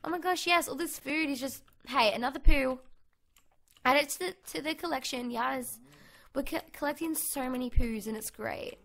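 An Australian woman giving bubbly, excitable, chatty commentary over her own gameplay, recorded at home on a desk microphone. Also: high-pitched, normal speed. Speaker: gaming YouTuber. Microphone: USB condenser mic on a desk.

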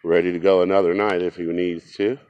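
A man's voice: deep voice, level tone, fairly quick, a little mellow, clean tone, lo-fi sound. A man vlogging casually outdoors by a riverbank, talking straight to his viewers in a folksy way. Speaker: fishing vlogger.

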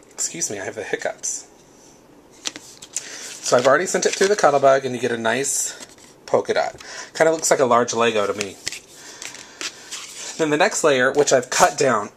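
A man's voice: medium pitch, gravelly, slight background noise. A man hosting a casual craft tutorial, explaining step by step while recovering from a cold. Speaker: craft video host.

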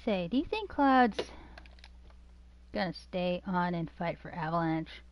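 A woman voicing a gentle young woman bartender in a quiet game character voice. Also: fairly low pitch, lively intonation, a little slow, muffled recording, a little hiss or hum, pitched below the performer's own voice. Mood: wistful.

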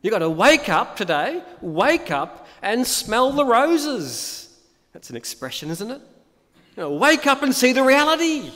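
Male preacher, high and animated, unhurried, emphatic with rhetorical questions, church reverb. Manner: emphatic, repeats key phrases, asks rhetorical questions. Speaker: pastor. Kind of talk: sermon. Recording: long reverb of a church hall.

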